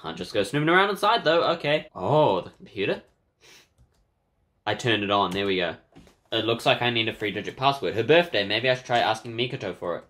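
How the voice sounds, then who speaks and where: A man playing through a horror game, giving casual, wry commentary and clearing his throat now and then. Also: fairly low pitch, big pitch swings, brisk, a bit bright. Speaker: game player. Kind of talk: let's play commentary.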